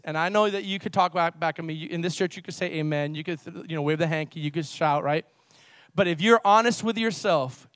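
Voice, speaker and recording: A man preaching a sermon in a church, swinging between loud emphatic reading and low, quiet asides. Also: dry recording, clean studio sound. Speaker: pastor.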